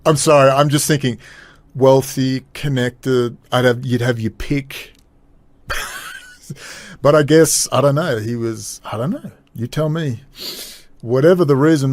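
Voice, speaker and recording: A male podcast host talking off the cuff in an average-pitched voice. He rambles, swears bluntly and often breaks off mid-sentence. The sound is dry and close, with no room echo. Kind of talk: casual solo commentary.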